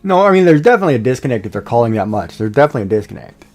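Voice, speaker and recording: Male streamer, casual jokey chat, animated delivery, soft music underneath. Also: medium pitch, racing. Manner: joking, lively, chatty. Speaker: livestream host.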